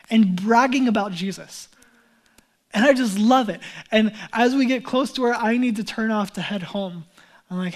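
Casual pastor in his thirties, high tenor voice, chatty storytelling sermon.

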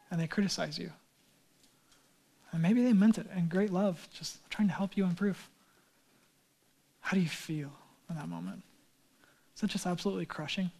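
A man's voice: high-pitched, darkish tone. A man in his thirties, a pastor preaching a sermon in an earnest, conversational way, pleading with his listeners.

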